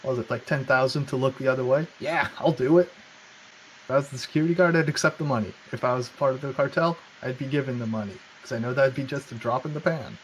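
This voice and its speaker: A man's voice: mid-range voice, quick pace, few pauses, a bit bright, slight background noise, poor audio. A man co-hosting a casual political chat, rambling with sarcastic asides. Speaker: podcast co-host.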